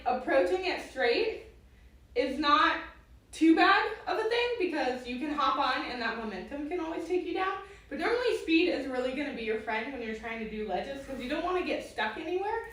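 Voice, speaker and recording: Giggly high-voiced woman teaching skating. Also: a bit bright. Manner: chatty, giggly, talks to her dog in a high coaxing voice. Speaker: roller skate instructor. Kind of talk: live-streamed skating lesson. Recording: very echoey, far from the mic, faint noise.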